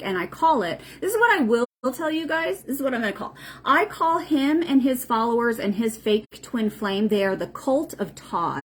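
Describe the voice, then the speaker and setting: Blunt, animated woman host. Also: a little high, moderate pace, a little hiss or hum. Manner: blunt, profane and emphatic. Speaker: spiritual livestream host. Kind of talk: casual unscripted livestream talk.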